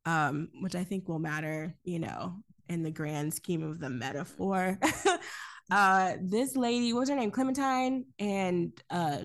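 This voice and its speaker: A woman co-hosting a podcast, recapping a film in casual chat, animated, laughing often and swearing freely. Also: on the low side, unhurried.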